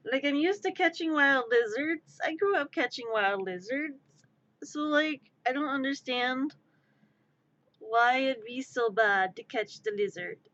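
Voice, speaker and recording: A woman's voice: high-pitched, measured pace, a bit bright, dull audio. A woman streamer chatting casually on a live stream, giggling and rambling, easily amused.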